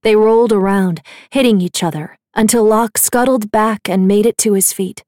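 Narrating scripted fantasy, this female audiobook reader keeps an even, measured pace. Her voice sits at a medium pitch in a dry, clean studio recording.

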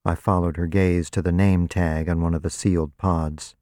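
A man narrates a novel in the first person, with a measured, even and dry delivery. His voice is very low. The recording is dry and close, with no room sound. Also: no echo. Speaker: audiobook narrator.

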